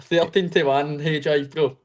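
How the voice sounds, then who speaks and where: A man's voice: on the high side, fairly even intonation, unhurried. A man with a Scottish accent, joking crudely and laughing as he gives his picks on a casual betting call-in show. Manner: crude, teasing, laughs often.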